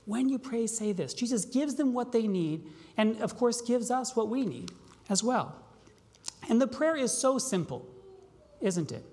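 A pastor preaching a sermon, asking rhetorical questions and slowing down on key phrases. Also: medium pitch, animated, a little mellow. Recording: long reverb of a large hall.

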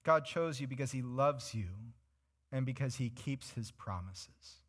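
A man's voice: medium pitch, expressive, unhurried. A male pastor preaching a sermon, earnestly explaining scripture and putting questions to his congregation.

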